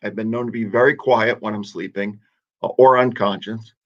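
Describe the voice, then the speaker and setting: A man's voice: fairly low pitch, steady tone, moderate pace, highs cut off. A man, a soccer coach, chatting in a casual radio interview, joking about himself and often restarting his sentences. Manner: self-mocking, restarts often.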